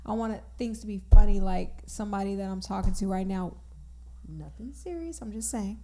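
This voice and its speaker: A woman's voice: mid-range voice, moderate pace, dark tone. A woman co-hosting a casual podcast chat, telling stories animatedly and laughing often. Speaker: podcast co-host.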